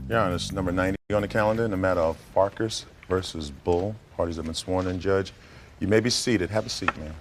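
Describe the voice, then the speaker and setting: Formal male bailiff, low voice. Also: fast, over music. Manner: formal, clipped. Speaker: court bailiff. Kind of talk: formal courtroom announcements.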